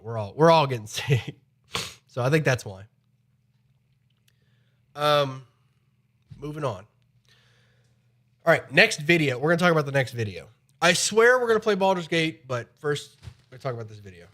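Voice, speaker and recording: A man's voice: fairly high pitch, very animated, moderate pace, long pauses, a bit bright. A man live streaming from home, chatting in a rambling way, his voice slightly nasal from a cold. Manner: rambling, chatty, repeats himself. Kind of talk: casual chat.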